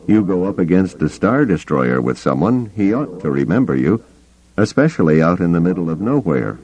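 Sly smooth smuggler guy, slow and coaxing, deep-ish dark tone, a man putting it on. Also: sing-song, exaggerated voice. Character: smooth-talking adult male smuggler, sly.

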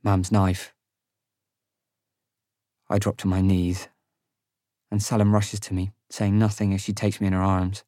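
A man narrating a fantasy audiobook in the first person, with a measured, sombre reading on a close studio mic. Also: low-pitched, flat delivery, dark tone, no echo.

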